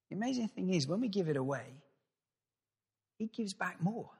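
A man's voice: high-pitched, normal speed, creaky, husky. Man preaching in an echoing church. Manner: animated storytelling, acts out voices. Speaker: pastor. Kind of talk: sermon.

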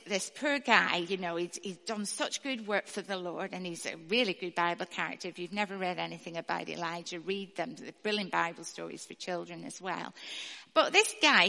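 A woman's voice: medium pitch, vocal fry, pushed and bright, in a large hall. A woman in her fifties giving an informal, chatty sermon with a Bible reading, full of ums and asides. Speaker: speaker at church.

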